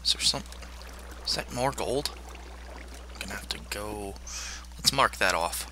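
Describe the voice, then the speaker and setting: Bright-voiced chatty male gamer. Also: fairly low pitch, a little slow, a little hiss or hum. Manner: chatty, talks to in-game monsters, jokey. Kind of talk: video game commentary.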